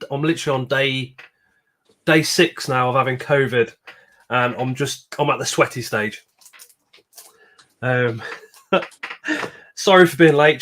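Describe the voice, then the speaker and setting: A man's voice: medium pitch, a bit bright, a little hiss or hum. A man with a sniffly cold voice, chatting casually as a livestream host and greeting viewers by name.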